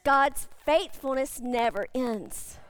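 A woman's voice: sits high, takes it slowly. A woman pastor preaching a sermon, speaking emphatically and repeating her key phrases again and again.

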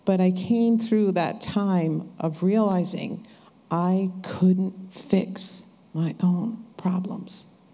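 A woman slowly and reflectively sharing her faith testimony. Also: fairly low pitch, warm tone. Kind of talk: church testimony talk. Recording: hall reverb.

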